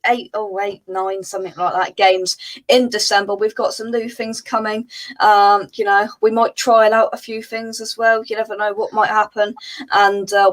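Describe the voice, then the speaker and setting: A woman's voice: medium pitch, poor audio. A woman hosting a live football fan show, chatting casually and reading out viewer comments with plenty of filler words.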